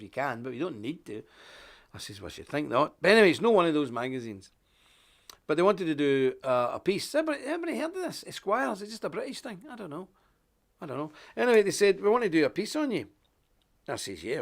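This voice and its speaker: An Ulster-accented man hosting a live show, talking in a chatty, rambling way with frequent chuckles. His voice sits a touch high for a man. His pitch rises and falls a lot. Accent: Ulster Scots. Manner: animated, chatty, chuckles often. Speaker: host.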